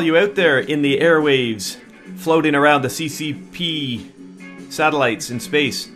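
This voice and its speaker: A man's voice: a little high, unhurried, a bit bright, soft background music. A man hosting a casual podcast, chatty and upbeat, talking loosely with plenty of filler words. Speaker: podcast host.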